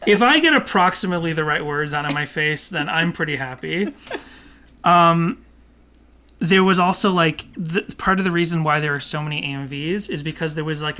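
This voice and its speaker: A young man co-hosts a podcast in casual chat, rambling at length, speaking loudly, and laughing often. His voice is a little high.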